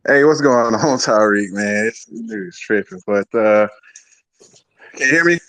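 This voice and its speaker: A man's voice: mid-range voice, lively intonation, measured pace, fairly bright tone, poor audio. A man calling in to a live audio room, casually laying out his suspicions in a rambling way. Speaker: caller. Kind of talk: casual call-in comment.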